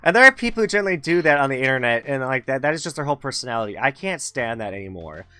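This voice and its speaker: A man's voice: medium pitch, very animated, very fast, background noise. A young man hosting a talk show, speaking casually and in a loose, rambling way. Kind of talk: casual chat.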